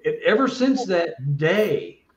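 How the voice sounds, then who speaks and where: A man's voice: on the high side, big pitch swings, slow, roomy sound, muffled recording. A man, a guest speaker, telling a long first-person story in an earnest, rambling way with many restarts.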